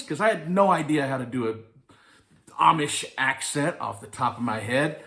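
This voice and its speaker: A man's voice: mid-range voice, animated, normal speed, vocal fry, bright, forceful tone. A man from Arkansas, an actor, telling a wry, self-deprecating story about an audition. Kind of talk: anecdotal storytelling.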